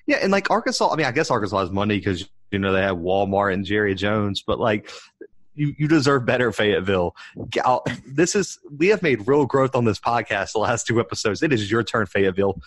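A young man, a podcast co-host in casual sports chat, talking in animated, worked-up rants at a desk microphone. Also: lowish voice, a little fast, no echo. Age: young adult. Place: home setup, rolling desk chair.

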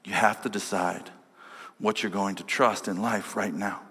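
A man preaching a sermon as pastor, telling a personal story and swinging between loud emphatic lines and quiet, low ones. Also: fairly even intonation, measured pace, husky. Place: large church hall. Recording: long church-hall reverb.

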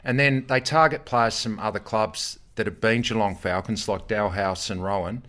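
A man's voice: lowish voice, steady tone, moderate pace, fairly bright tone. A man with an Australian accent, a former player, chatting and telling stories about football with emphasis. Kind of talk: casual footy chat.

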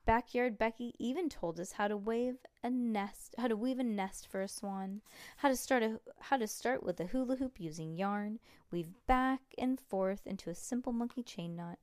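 A woman's voice: mid-range voice, darkish tone, no echo, clean studio sound. A woman reading a children's book aloud to a child, playful and breaking off to chat about the story. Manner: playful, chats between passages.

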